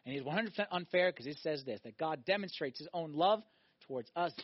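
High-voiced animated male preacher. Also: brisk, dry recording, highs cut off. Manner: animated, swings between loud emphatic and quiet reflective delivery. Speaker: pastor. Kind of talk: sermon.

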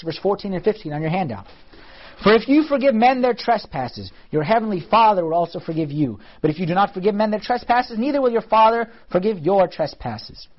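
A man with a high voice gives a relaxed church lesson to a class, checking in with quick questions as he goes. The recording sounds dull and lo-fi. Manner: conversational, asks the class questions. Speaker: church teacher. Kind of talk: casual teaching talk on liturgy.

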